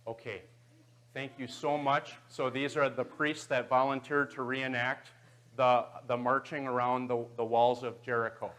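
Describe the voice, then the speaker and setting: A man's voice: mid-range voice, flat delivery, a little slow, a bit bright. Man teaching a church Bible class. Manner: guiding, checks in with "okay" and "right". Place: church auditorium.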